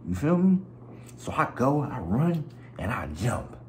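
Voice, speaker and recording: A young man vlogging, telling a story in a slangy, expressive way and acting out other people's voices and sounds. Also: medium pitch, unhurried, slight background noise. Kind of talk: animated storytelling.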